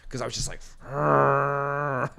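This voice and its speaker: Animated, profane man telling a story. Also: fairly high pitch, fairly quick. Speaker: podcast host. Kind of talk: casual chat.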